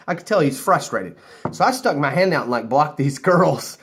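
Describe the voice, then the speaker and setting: A man's voice: on the high side, expressive, moderate pace, fairly bright tone, slightly rough. An American man telling a rambling story casually to camera, loose and a few drinks in. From United States. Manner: rambling, laughing, loose and chatty. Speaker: vlogger.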